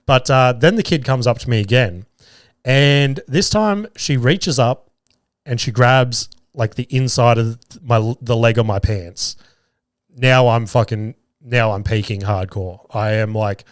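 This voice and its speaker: Brief: man, mid-pitched, solo podcast host, loose and sweary, dry close sound. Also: normal speed, clear, resonant tone, no echo. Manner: casual, sweary, self-deprecating, laughs at himself. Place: at home.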